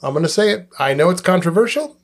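A man co-hosting a podcast in casual chat, animated and quick to laugh, often acting out voices. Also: high voice. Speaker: podcast co-host.

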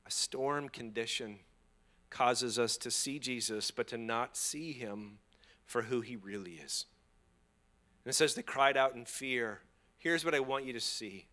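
Bright-voiced preacher, a man. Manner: preaching with call-and-response to the congregation; swings from hushed and slow to loud and high. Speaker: pastor. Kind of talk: sermon.

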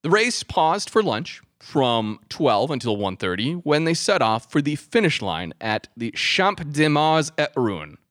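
Lively animated man co-hosting. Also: on the high side, unhurried, hardly any pauses, no room sound, clean studio sound. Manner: animated, laughs often, hams up a mock French accent. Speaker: podcast co-host. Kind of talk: casual chat about rally history.

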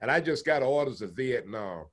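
A man's voice: mid-range voice, lively intonation, moderate pace, voice pushed down, natural voice. Older man quoting a blunt, exasperated army colonel. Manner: blunt, swearing.

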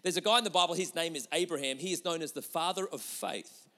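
A man preaching a sermon with lots of energy, moving between loud emphatic lines and quiet, intimate asides. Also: fairly high pitch, fast. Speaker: pastor. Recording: long hall reverb.

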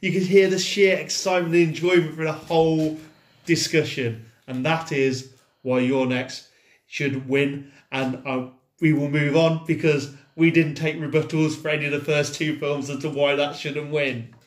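A man's voice: a little high, steady tone, normal speed. Upbeat man in an echoey room. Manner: upbeat, wry, summarizing plot. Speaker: podcast co-host. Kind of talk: casual film review chat.

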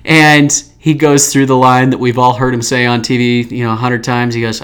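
A man in his thirties or older from Utah, hosting a podcast and telling an anecdote in a chatty, animated way. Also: mid-range voice, normal speed, hardly any pauses, smooth. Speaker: podcast host. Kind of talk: storytelling anecdote.

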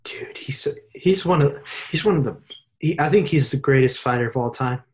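Animated young man in casual chat. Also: medium pitch, a little fast. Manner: animated, slangy, puts on voices for fun.

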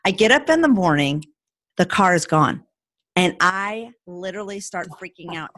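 A woman in her forties hosting a podcast, telling a personal story in a casual, animated way. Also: fairly low pitch, moderate pace, no room sound. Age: 40s. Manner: animated storyteller, acts out quotes with laughs. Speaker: podcast host.

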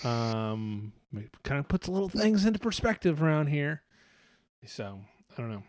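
A man hosting a podcast in loose, rambling casual chat. He swears freely and breaks into laughter often. His voice sits fairly high for a man, and the sound is dry and close. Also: sing-song, moderate pace, no echo. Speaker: podcast host.

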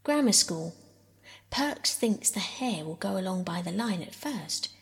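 A woman reading aloud, voicing a sensible, peacemaking older girl in a calm, tactful way. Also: mid-range voice, measured pace, gravelly.

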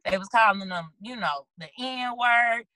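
A woman's voice: fairly high pitch, a little slow, poor audio. A woman from St. Louis, a guest author, talking earnestly and at length in a casual interview over a video call. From St. Louis, USA. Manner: earnest, rambling, animated storyteller.

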